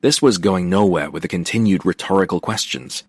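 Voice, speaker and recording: A man narrating a romance audiobook in the first person, wry and expressive, on a close studio mic. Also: sits low, fairly quick, few pauses, husky, no echo.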